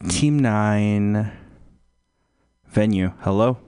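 A man hosting a live community radio show, rambling slowly and swearing freely between music. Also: lowish voice, darkish tone, smooth. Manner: profane, slow and meandering. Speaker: radio host.

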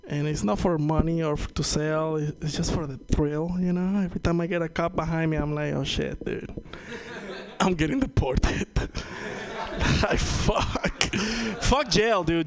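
A man's voice: a little high, normal speed, hardly any pauses, a crowd in the background. A young man from Venezuela with a Venezuelan Spanish accent, doing a rambling, profane stand-up set on stage and laughing at his own jokes. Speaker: stand-up comedian. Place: comedy show stage.

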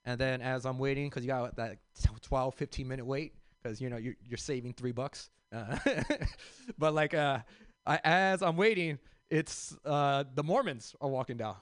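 A man's voice: medium pitch, moderate pace, smooth, no room sound, studio quality. A man from South Central Los Angeles doing a stand-up comedy set, talking loosely to the crowd with fillers and restarts and calling them "y'all.". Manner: rambling with many fillers and restarts.

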